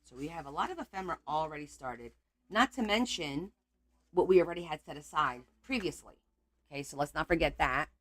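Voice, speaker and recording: Lowish voiced woman rambling casually at her craft table, gets exasperated fast. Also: lively intonation, a bit bright, slight background noise. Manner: chatty, exasperated outbursts at her cat. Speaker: crafting channel host.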